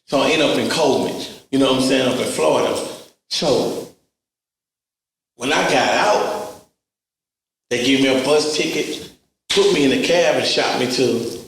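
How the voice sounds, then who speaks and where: A middle-aged man, telling animated, profane stories in a casual interview. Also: medium pitch, a little hiss or hum. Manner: animated, profane street storytelling, acts out voices. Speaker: interview guest. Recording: echoey room, mic at a distance.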